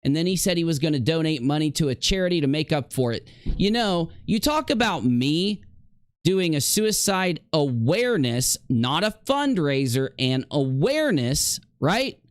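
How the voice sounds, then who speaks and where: A man's voice: a little high, very animated, moderate pace, no echo, clean studio sound. A man streamer in a heated livestream rant, confrontationally addressing a rival directly.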